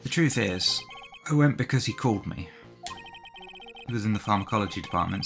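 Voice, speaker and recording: A man's voice: lowish voice, close to an everyday voice. A man voicing a nervous, lovestruck young male college student while reading game dialogue aloud, hesitant and sheepish. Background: game music.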